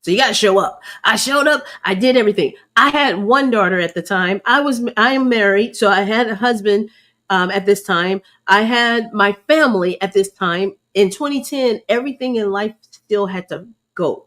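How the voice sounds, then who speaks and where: A woman's voice: medium pitch, moderate pace, a bit bright. Earnest preacherly woman sharing testimony. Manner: earnest, preacherly, addresses listeners as y'all. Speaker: host. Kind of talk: faith-based personal testimony.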